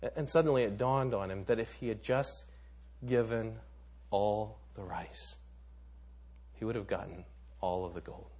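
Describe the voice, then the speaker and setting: A man's voice: fairly low pitch, a little slow, darkish tone, breathy edge. A man preaching a sermon, telling a story dramatically with some stammered restarts.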